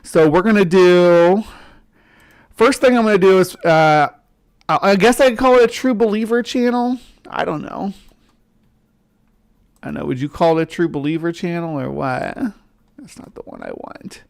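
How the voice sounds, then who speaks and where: In a casual live-stream chat, a central U.S. woman whose accent falls between the South and the upper Midwest rambles and cuts herself off to start sentences over, talking with viewers along the way. Her lowish voice is a little mellow, with vocal fry, a moderate pace, and frequent pauses.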